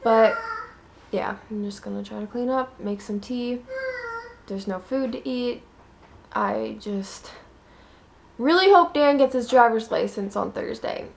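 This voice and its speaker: A woman's voice: fairly high pitch, unhurried, gravelly, long pauses. A young woman chatting casually at home for her family vlog, rambling with lots of fillers and sometimes dropping to a whisper. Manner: rambling, many fillers, drops to a whisper at times. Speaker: family vlogger.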